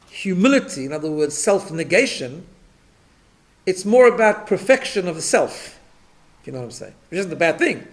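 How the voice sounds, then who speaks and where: A man, a rabbi, teaching a Torah class, explaining step by step and often checking in with his listeners. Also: sits high. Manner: repeats words when restarting.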